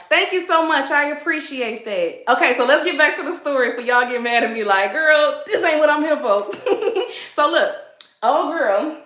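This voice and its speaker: A Southern woman in her thirties chats animatedly on a livestream, her voice bright and a touch high. Her talk is loose and playful, full of laughter. The sound carries the echo of a hard-walled room. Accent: Southern American. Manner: chatty, animated, greets viewers, laughs often. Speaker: livestream advice host. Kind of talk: casual livestream chat. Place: indoor room, seated.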